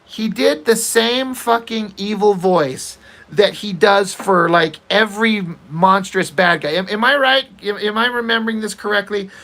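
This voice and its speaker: This time the comic artist's voice is high-pitched yet gravelly and sharp, a little slow in pace. Drawing as he rambles, he rants opinionatedly, swears freely, and drifts off into fillers.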